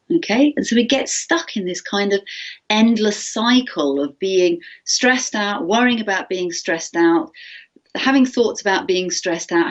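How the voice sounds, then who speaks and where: A woman teacher trainer giving an interactive workshop talk, lively and animated, acting out anxious inner voices and often checking in with "okay?". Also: lowish voice, muffled recording.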